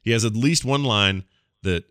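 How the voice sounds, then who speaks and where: A man hosting a podcast, joking sarcastically about film clips and slipping into quick impressions. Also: lowish voice, fairly bright tone, dry recording, studio quality. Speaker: podcast host.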